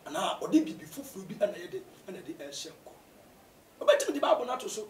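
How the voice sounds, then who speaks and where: Ghanaian pastor guy, high lively voice, gets shouty, echoey room heard from a distance. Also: fast talker, slight background noise. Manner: animated, bursts into shouts to stress points. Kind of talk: preaching-style interview answers. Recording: roomy echo, distant from mic.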